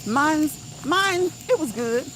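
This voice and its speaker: A woman's voice: high voice, lively intonation, slow, a bit bright, slight background noise, poor audio. A woman hosting a live walk-and-talk stream outdoors, chatting casually, laughing often and reading viewer comments aloud. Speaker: livestream host. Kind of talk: casual live chat while walking.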